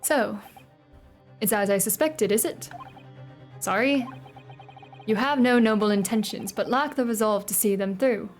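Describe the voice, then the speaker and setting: A woman's voice: medium pitch, a little slow, long pauses, faint music behind, natural voice. Woman doing a stern judge with a British accent. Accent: attempted British. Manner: clipped, formal, cold. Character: stern commanding male British chief judge. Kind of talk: reading game dialogue aloud.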